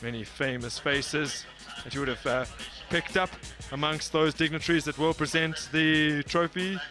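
Male sports presenter, upbeat and smooth, somewhat higher register. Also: fairly even intonation, normal speed, over music. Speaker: sports broadcaster. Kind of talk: sports commentary.

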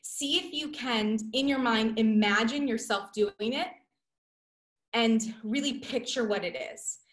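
A young woman leads a dance class over a video call, her high voice bouncing around a roomy space. She is playful and energetic, calling out counts as she teaches. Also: measured pace. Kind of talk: online dance class instruction. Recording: roomy echo.

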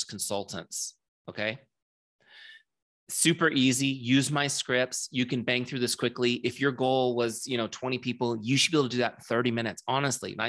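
A man's voice: medium pitch, a bit bright. A middle-aged man giving a casual, chatty training talk, often asking the group questions. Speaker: software founder and trainer.

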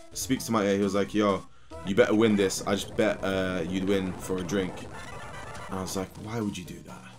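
Young male let's-play host, low voice, excitable rambling delivery, soft music under. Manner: rambling and animated, quick bursts of excitement. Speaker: gaming channel host. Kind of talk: casual let's play storytelling.

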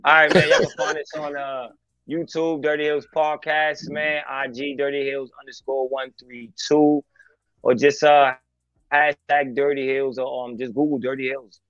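A man's voice: medium pitch, little pitch movement, normal speed, a bit bright, no echo, highs cut off. A man talking as a podcast guest, joking and swearing as he acts out street scenes. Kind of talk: casual podcast banter.

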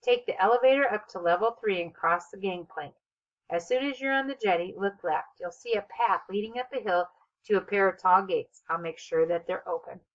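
A woman's voice: medium pitch, brisk, lo-fi sound, natural voice. A woman voicing a polite, cheerful teenage boy in a storybook reading. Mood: calm. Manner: calm, polite.

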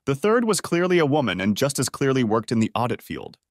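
A man's voice: mid-range voice, sing-song, brisk, dry recording, clean studio sound. A man voicing a betrayed husband who accuses his wife with bitter, hurt questions, in an audiobook. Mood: cold. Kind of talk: audiobook character voice.

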